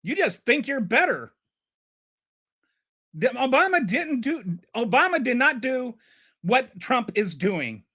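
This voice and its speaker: A man's voice: very high-pitched, sing-song, takes it slowly, pauses often, pushed and bright, slightly rough. A man hosting a live stream and ranting about politics. He is heated and sarcastic, and he stumbles and repeats words when he gets flustered.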